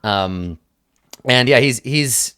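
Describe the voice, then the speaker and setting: A male game master narrates a tabletop game at a middle pitch in a dry, close sound. He describes each scene loosely and leans on fillers as he thinks aloud. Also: slow pace, pushed and bright, clean tone, dry recording.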